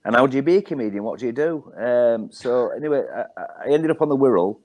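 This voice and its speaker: A Hull comedian in his forties, a Yorkshireman from Hull, England, guests on a podcast and spins rambling yarns full of ums and repeated phrases. His medium-pitched voice has a darkish tone, lively intonation and a fast pace.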